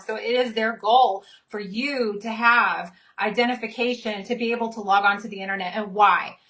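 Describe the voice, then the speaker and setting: A woman speaks with a bright, forceful voice pitched a little high. She is openly fired up and angry. She hammers each point home in emphatic repeated lists, now and then reading a quote aloud. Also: rough recording. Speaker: speaker on a Christian talk show. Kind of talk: impassioned commentary.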